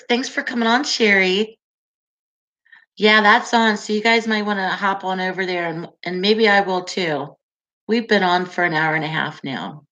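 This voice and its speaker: Slow-talking chatty woman in her forties. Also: mid-range voice, fairly bright tone, lo-fi sound. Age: 40s. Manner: chatty, laughs often, reacts aloud to comments. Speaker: livestream host reading viewer comments. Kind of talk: casual live-stream chat.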